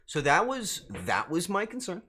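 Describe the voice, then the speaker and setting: A man's voice: high voice, huge pitch swings, moderate pace, pushed and bright, a little hiss or hum. A man streaming as a VTuber, telling a rambling story straight to his chat and swearing freely. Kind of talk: casual storytelling to live chat.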